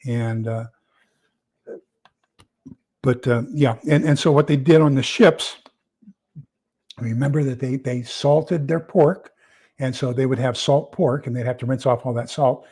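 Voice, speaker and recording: A man's voice: mid-range voice, fairly even intonation, unhurried, long pauses, darkish tone, breathy edge. A man hosting a casual livestream, rambling with many fillers and repeated words as he reads viewer comments. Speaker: prepper channel host.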